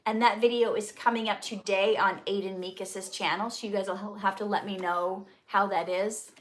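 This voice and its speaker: A woman's voice: medium pitch, steady tone, normal speed. A woman hosting a casual Q&A livestream, chatty and upbeat, laughing easily as she reads out questions. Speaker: host and actress.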